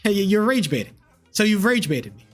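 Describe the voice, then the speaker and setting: A man's voice: sits high, big pitch swings, brisk, faint music behind. A man in his twenties, a streamer, ranting angrily at his live chat with lots of swearing and repetition. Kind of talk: heated rant to live chat.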